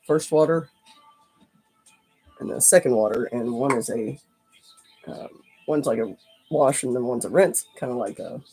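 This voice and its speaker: A face and body painter chatting casually through a live stream from a home studio, rambling and drifting into soft asides while painting. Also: mid-range voice.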